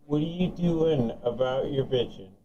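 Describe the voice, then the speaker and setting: A man's voice: mid-range voice, unhurried, warm tone, recorded from a distance, muffled recording. A man talking over CB radio, heated and profane, taunting another operator again and again. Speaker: CB radio caller.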